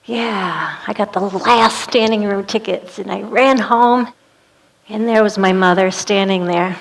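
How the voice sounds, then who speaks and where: A woman's voice: mid-range voice, unhurried, vocal fry. A woman performing a one-woman play as a vivid, dramatic storytelling monologue.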